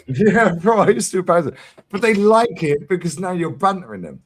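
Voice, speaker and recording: A man's voice: sits high, fairly quick. A man hosting a fan talk stream, telling stories in casual chat with plenty of slang and swearing. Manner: swearing, slangy, lively storytelling.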